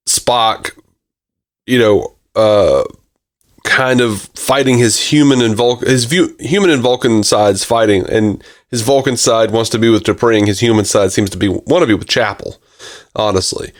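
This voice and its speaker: A man's voice: lowish voice, unhurried. Rambling man co-hosting a podcast. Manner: rambling, filler-heavy, self-deprecating joking. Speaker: podcast co-host. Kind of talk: casual chat.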